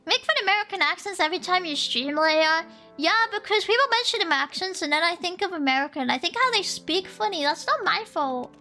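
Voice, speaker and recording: A woman's voice: extremely high pitch, animated, fairly quick, bright, forceful tone. A woman chatting on a stream in a teasing, joking way, laughing often. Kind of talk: casual stream chat. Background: faint lo-fi music.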